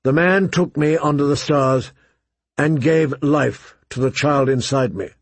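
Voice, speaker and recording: Man reading a young queen, defiant, earnest, slow, husky voice, audiobook. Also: mid-range voice, dry recording. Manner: earnest, commanding.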